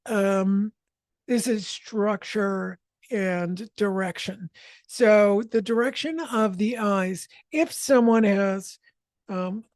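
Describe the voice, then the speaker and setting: A woman leading a spoken energy healing session, explaining calmly and correcting herself as she goes. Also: medium pitch, slow pace, no room sound, clean studio sound. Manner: explanatory, self-correcting, calm.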